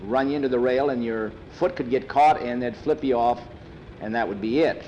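A man voicing a patient grown man who is training a young rider, steady and instructive. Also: medium pitch, moderate pace, muffled recording, a little hiss or hum, lightly acted.

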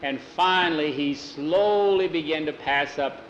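A man telling a homespun story aloud in a relaxed, plain-spoken way. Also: fairly high pitch, measured pace, dull audio. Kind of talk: folksy oral storytelling. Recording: echoey room, faint traffic.

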